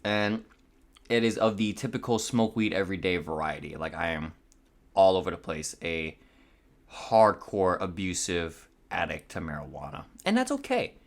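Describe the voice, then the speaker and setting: A young man of about twenty hosts a podcast, delivering a rambling, casual, profane monologue at normal speed. His voice is low with big pitch swings and cracks nervously.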